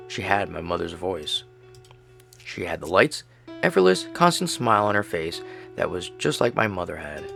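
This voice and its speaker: A man narrating a horror story game in the first person, with tense, hushed storytelling. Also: low voice, vocal fry. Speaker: gamer reading a story game.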